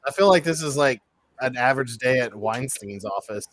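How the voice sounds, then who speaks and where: Lively, bright-voiced male streamer. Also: mid-range voice. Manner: jokey, quick to exclaim and laugh. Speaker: streamer co-watching a movie. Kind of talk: casual reaction chat.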